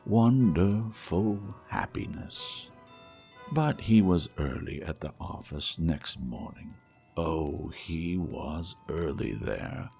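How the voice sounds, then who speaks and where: Slow gravelly storyteller man. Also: low-pitched. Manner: expressive, shifting to hushed asides. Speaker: audiobook narrator. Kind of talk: storybook reading.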